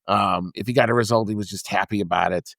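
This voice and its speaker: A man's voice: fairly low pitch, fairly even intonation, fast, creaky, fairly bright tone, no room sound, clean studio sound. A man co-hosting a podcast in casual chat, talking conversationally with fillers. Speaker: podcast co-host.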